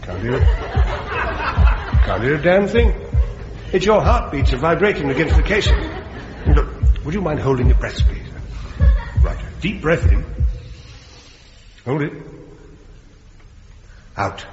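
An actor playing a breezy, chuckling bomb-disposal captain in a radio comedy. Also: male voice, on the high side, sing-song, a little slow, long pauses, over music. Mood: jovial. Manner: jovial and chuckling. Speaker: comedy character. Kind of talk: 1970s radio sitcom acting. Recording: roomy lo-fi studio recording.

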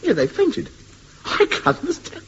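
A man's voice: very high voice, wildly swooping pitch, normal speed, exaggerated voice. An actor playing a pompous, bumbling crook who stumbles over his words, in vintage radio comedy. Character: pompous bumbling male crook, comically nervous. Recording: dull old radio recording with loud hiss.

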